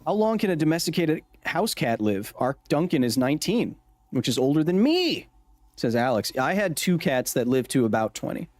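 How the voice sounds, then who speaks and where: A man's voice: fairly high pitch, very animated, moderate pace, darkish tone, dry recording. A man hosting a casual gameplay livestream, joking as he reads and answers his chat's messages. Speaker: livestream host.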